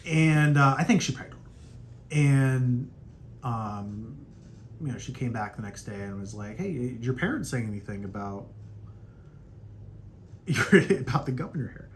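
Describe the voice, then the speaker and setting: Animated, swearing young man telling stories. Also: measured pace, long pauses. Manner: animated, profane, acts out quotes in raised pitch. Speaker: podcast host. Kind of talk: casual storytelling monologue.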